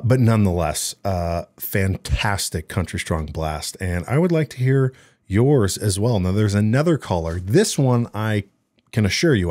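A man hosting a podcast with a lowish voice, rambling and joking as he plays listener calls. His delivery is loose and playful, and he drifts into mock accents. The sound is close and completely dry. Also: darkish tone, dry recording. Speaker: podcast host. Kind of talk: casual chat.

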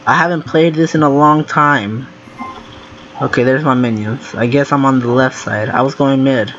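The audio is dull, with loud noise beneath a man's steady, mid-range voice at normal speed. Playing a game, this video creator narrates live, reasoning aloud, becoming easily flustered, and exclaiming and groaning as he goes.

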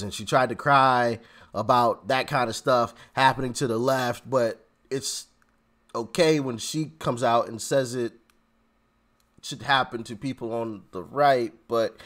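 A man's voice: medium pitch, fairly bright tone. A man giving casual political commentary on his vlog, laughing often and stammering through repeated restarts. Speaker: commentary vlogger.

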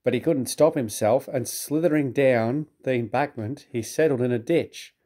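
A man with a British accent narrating a children's storybook in a measured, gently expressive way. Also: mid-range voice.

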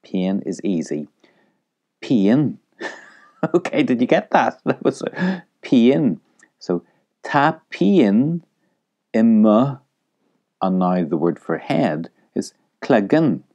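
A man's voice: on the low side, very animated, slow, long pauses, a little mellow. A man teaching an audio language lesson, patiently repeating phrases for the listener to echo.

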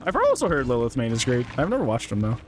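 A man's voice: medium pitch, huge pitch swings, fast talker, slight background noise. A young man streaming a video game, ranting sarcastically and swearing often in casual commentary.

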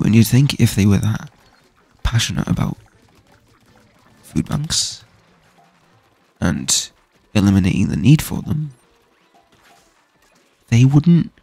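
The clip has no echo and features a young gaming streamer from the UK, whose fairly low, darkish voice carries vocal fry and a breathy edge. He rants and swears casually over his game, often starting lines over.

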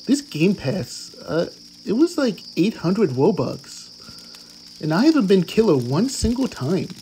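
A man voicing a cheerful, eager pitbull puppy, commenting on gameplay with excitable gasps and goofy puns. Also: high-pitched, takes it slowly, slight background noise, heavily acted. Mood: excited. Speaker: game commentator.

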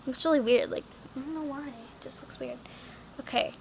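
Chatty high-voiced teen girl. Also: very animated, normal speed, very noisy. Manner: rambling, chatty, lots of fillers and "like". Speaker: gaming vlogger. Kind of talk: casual screen-recorded game chat.

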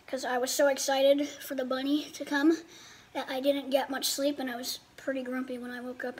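High-voiced woman rambling through a food review. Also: fairly even intonation, moderate pace. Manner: rambling, thinks aloud; talks with mouth full. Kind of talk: casual chat while eating.

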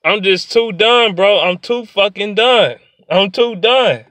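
A high, bright-voiced man rants angrily about sports, cursing freely and lurching from low mutters to loud outbursts. The sound is close and dry, with no room around it. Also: lively intonation, a little slow, few pauses, dry recording. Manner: angry, profane, swings from muttering to shouting. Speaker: sports vlogger. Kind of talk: profane sports rant.

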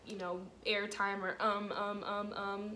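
A woman vlogger giving motivational self-improvement advice to the camera, talking fast, rambling and restarting as her words tumble out. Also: mid-range voice, flat delivery, sharp tone, a little hiss or hum. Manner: earnest, coaching, asks the viewer questions. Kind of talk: casual motivational to-camera talk.

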